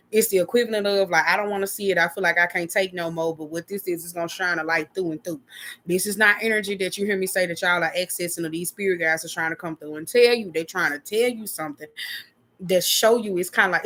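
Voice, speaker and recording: A young woman giving a casual tarot reading, talking in a loose, slangy, profane way with lots of repeated filler phrases and quick acted-out quotes. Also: lowish voice, a bit bright. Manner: drops into quick acted-out quotes of imagined people. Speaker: tarot reader.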